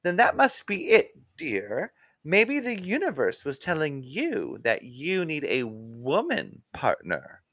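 Guy doing a sweet fussy lady cop-in-training, high and chirpy, says dear a lot. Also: wildly swooping pitch, takes it slowly, fairly bright tone, no echo, clean studio sound, full character voice. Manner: calls everyone dear, chirpy.

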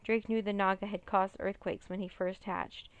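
A woman reading a children's chapter book aloud in an expressive storytelling manner. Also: medium pitch, moderate pace, smooth, dry recording, dull audio. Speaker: reader.

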